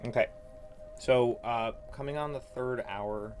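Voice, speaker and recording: A man narrating as game master of a tabletop game, talking in a relaxed way with many fillers. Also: mid-range voice, measured pace, soft background music.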